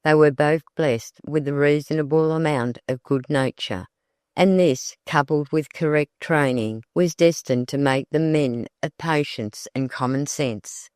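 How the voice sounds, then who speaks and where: A smooth, clear audiobook narrator reading a classic novel in a measured, even way. The recording is close and dry, with no room sound at all. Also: medium pitch, no room sound.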